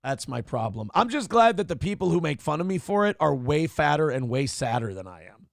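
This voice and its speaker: A man's voice: fairly high pitch, sing-song, a little fast, creaky, no room sound. Man, morning show host, profane, joking about the news, dry close sound. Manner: irreverent, riffing, profane. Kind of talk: comedic news talk.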